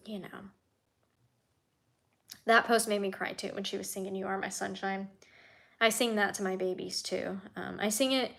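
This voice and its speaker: Soft-spoken woman, heartfelt live chat. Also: mid-range voice, vocal fry. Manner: heartfelt, soft-spoken, often drops to a near whisper. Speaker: animal keeper and vlogger. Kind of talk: casual live-stream chat, reading comments.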